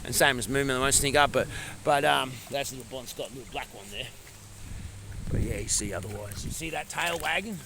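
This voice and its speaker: A man's voice: medium pitch, brisk, vocal fry, crowd noise. A man with a broad Australian accent delivering a rambling comic monologue as a larrikin bushman, recorded outdoors in the countryside. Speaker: comedy character vlogger.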